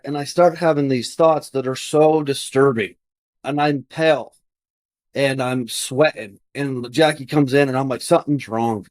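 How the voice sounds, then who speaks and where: A man's voice: a little high, a little mellow, no room sound. Earnest storytelling man, dry close sound. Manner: earnest, quick, acts out his own past thoughts. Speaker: podcast guest. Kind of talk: personal storytelling in conversation.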